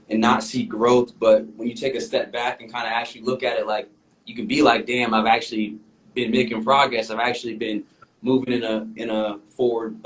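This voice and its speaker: A young man co-hosting a podcast, talking earnestly in a casual, halting way with lots of "um"s. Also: mid-range voice, slight background noise, rough recording. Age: young adult. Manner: earnest, halting, many "um"s and restarts. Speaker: podcast co-host. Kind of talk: casual chat.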